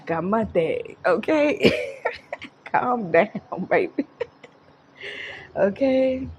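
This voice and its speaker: A woman's voice: mid-range voice, animated, drawn-out words, darkish tone, slight background noise. A young woman giving a casual tarot reading. She swears freely and laughs often. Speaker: tarot reader.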